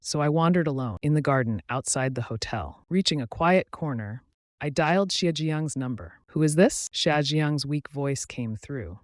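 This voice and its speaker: Guy narrating a story recap, kinda high voice, super dry sound, reads all the lines the same. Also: no room sound.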